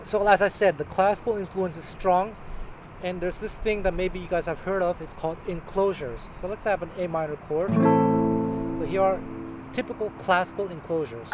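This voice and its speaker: Chatty guitar teacher over loud guitar. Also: male voice, sits high, moderate pace, poor audio. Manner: chatty, jokey, counts beats aloud. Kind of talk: casual music lesson. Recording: loud guitar playing under voice.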